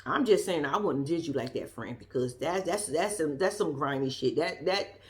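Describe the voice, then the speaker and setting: A woman's voice: low-pitched, lively intonation, normal speed, a little mellow. A woman giving a sassy, profane, casual commentary as she recaps a reality show episode. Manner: blunt, profane, sassy storytelling.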